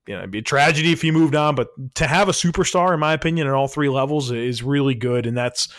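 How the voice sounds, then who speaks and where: A man's voice: fairly high pitch, fast talker, fairly bright tone, no room sound, clean studio sound. A man co-hosting a podcast, talking sports in an upbeat, teasing way. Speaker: podcast co-host. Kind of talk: casual sports chat.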